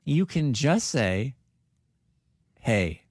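A man in a playful casual chat, often stumbling over restarts before landing a joke. His mid-pitched voice moves a lot in pitch. The recording is dry and close. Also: sing-song, very slow, darkish tone, breathy edge, no echo.

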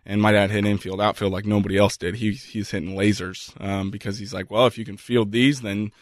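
Guy telling a story in an interview, earnest, kinda halting, low voice, dry close sound. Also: flat delivery, no echo. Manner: earnest, halting with repeated restarts. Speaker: guest. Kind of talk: reflective storytelling in conversation.

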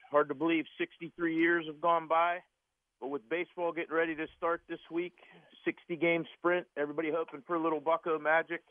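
Male regular guest, brisk and matter-of-fact, slightly high, phone-line sound. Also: no room sound. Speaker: weekly card segment guest. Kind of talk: casual chat.

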